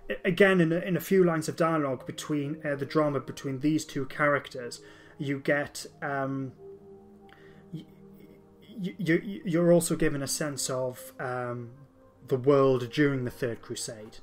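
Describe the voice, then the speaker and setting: A man's voice: on the high side, soft background music. A man hosting a podcast, talking enthusiastically in a casual discussion, often stopping and restarting his sentences. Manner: enthusiastic, halting with many restarts. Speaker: podcast host.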